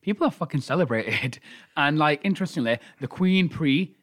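A man hosting a casual podcast chat, animated and swearing freely, laughing often. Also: on the high side, normal speed.

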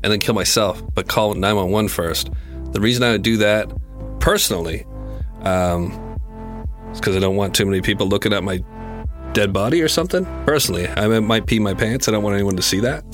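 A man co-hosts a podcast in a loose, joking way, teasing his partner and riffing on the topic. His voice sits at a middle pitch, with faint music underneath. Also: brisk. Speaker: podcast co-host. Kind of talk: casual chat.

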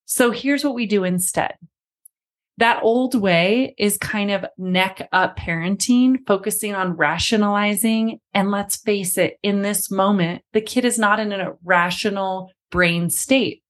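A woman hosting a parenting podcast, speaking in a mid-pitched voice. She addresses the listener directly and calls them friend while explaining practical parenting steps. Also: a little slow. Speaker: podcast host and parenting coach. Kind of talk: scripted podcast talk.

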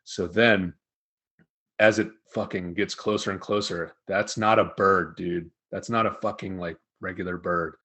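A man co-hosting a casual podcast, recapping an anime episode in a profane, animated storytelling manner. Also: sits low, a little slow, husky. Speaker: podcast co-host.

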